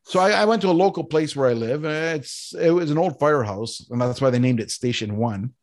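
A man's voice: fairly high pitch, fairly quick. Chatty man telling a story. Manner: animated, acts out quoted dialogue, frequent "right?". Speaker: podcast guest. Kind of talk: casual storytelling.

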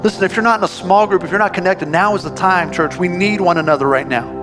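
Male pastor, fairly high voice, lively conversational sermon, soft music underneath. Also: quick pace. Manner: conversational, animated preaching with restarts.

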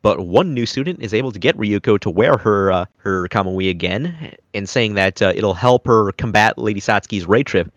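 A man's voice: fairly low pitch, lively intonation, moderate pace, hardly any pauses, no echo, muffled recording. A man hosting a casual anime review podcast, recapping animatedly and slipping into goofy voices. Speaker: podcast host.

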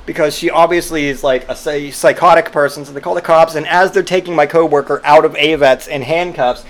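A man's voice: fairly high pitch, moderate pace, hardly any pauses. A man telling a rambling personal story, swearing freely and amused, with lots of fillers and restarts. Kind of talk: casual storytelling monologue.

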